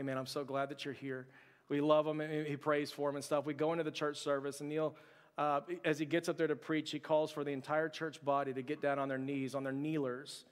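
A man preaching a sermon, telling a personal story in an earnest way, often restarting his sentences. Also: on the high side. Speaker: pastor. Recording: long hall reverb.

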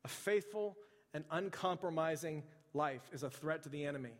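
A man preaching a sermon as a pastor, in a conversational style with chatty asides. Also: fairly high pitch. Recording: long reverb of a large hall.

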